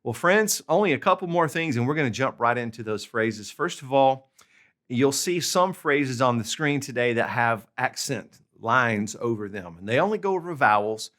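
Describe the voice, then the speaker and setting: Male tutor, mid-pitched, patient explainer, steady instructional delivery. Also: moderate pace. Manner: patient, repeats checks like "okay?" and "all right?". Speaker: language tutor. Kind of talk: instructional video lesson.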